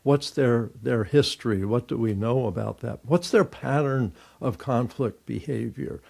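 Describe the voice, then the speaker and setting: An older man, a therapist and author, giving measured, explanatory answers in an interview, thinking aloud as he goes. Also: mid-range voice, vocal fry, a little mellow.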